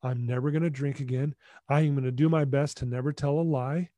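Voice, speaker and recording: Animated storytelling man, dark dry voice. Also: mid-range voice, a little fast, no room sound. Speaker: podcast guest. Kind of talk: personal storytelling.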